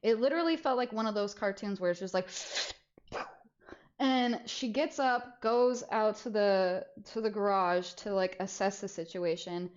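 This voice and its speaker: A young adult woman streamer telling a story in casual chat, animated and often laughing as she goes. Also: medium pitch, unhurried, muffled recording. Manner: animated, laughs through the story, frequent restarts.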